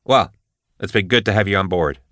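A man voicing a brisk, no-nonsense female officer in charge, talking in a businesslike way. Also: sits low, a bit bright, no echo, clean studio sound.

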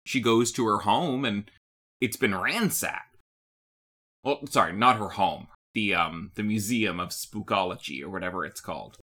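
A man co-hosting a casual podcast recap, his pitch swinging freely up and down as he talks. His tone is bright and forward, and he keeps it animated, slipping into the characters' voices now and then. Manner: animated, acts out characters' lines in quick bursts. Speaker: podcast co-host. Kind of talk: casual chat recapping a cartoon episode.

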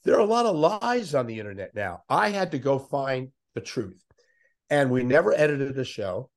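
An older man, a veteran sports interviewer, telling animated anecdotes as a podcast guest. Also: mid-range voice, moderate pace. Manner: animated anecdotes, puts on voices of others. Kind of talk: conversational storytelling.

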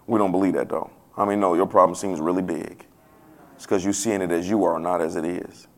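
A man preaching a sermon in a casual, playful way that swells to loud emphasis now and then. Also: deep voice, fairly quick, creaky. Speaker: pastor.

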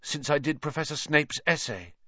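A man voicing a clever teenage girl who shrieks accusations in a high, breathless voice. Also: expressive, moderate pace, sharp tone, breathy edge, dry recording, lo-fi sound, full character voice. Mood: quiet.

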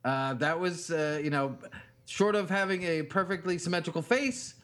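A man's voice: a little high, normal speed, a bit bright. A man co-hosting a podcast, ranting sardonically with crude jokes. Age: adult with a young child. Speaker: podcast co-host. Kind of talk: crude casual chat.

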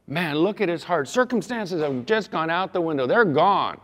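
A man preaching a sermon as pastor, earnest, building louder on scripture readings and dropping low at the ends of phrases. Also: animated, moderate pace, few pauses. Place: church sanctuary. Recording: long hall reverb.

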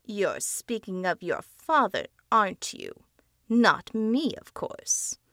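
A woman's voice: mid-range voice, sing-song, slow, fairly bright tone, no room sound, clean studio sound, full character voice. A woman voicing a grotesque, greedy old man's face that leers and growls demands. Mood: sneering.

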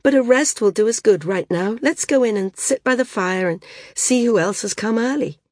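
A woman voicing an earnest young woman flyer who talks in a steady, gently scolding way. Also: on the high side, moderate pace, no room sound, studio quality, pitched above the performer's own voice, lightly acted.

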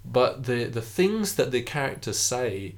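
A man's voice: medium pitch, big pitch swings. A man co-hosting a podcast, talking casually about a game with frequent restarts and fillers. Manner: halting, many restarts and fillers. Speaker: podcast co-host.

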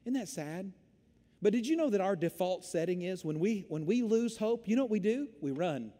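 A man preaching a sermon as pastor, telling stories in an animated way. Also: high-pitched, normal speed. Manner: animated storytelling preacher, Southern "y'all". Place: church sanctuary. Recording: long hall reverb.

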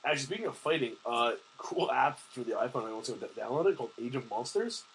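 Fast-talking young man, faint hiss. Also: medium pitch, expressive, fairly bright tone, rough recording. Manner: fast, laughing banter. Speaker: podcast co-host. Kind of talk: casual chat.

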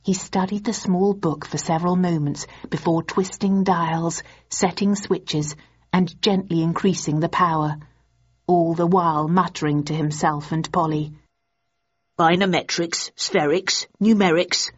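A woman reads a novel aloud in an even, measured way, her voice husky and pitched on the low side. The recording sounds dull and lo-fi, like an older audiobook. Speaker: audiobook narrator. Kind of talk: scripted narration.

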